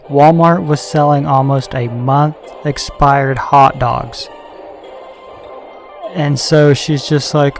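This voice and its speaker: A man doing strategy game commentary, ranting heatedly and swearing a lot. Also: medium pitch. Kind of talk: gaming commentary with a profane rant.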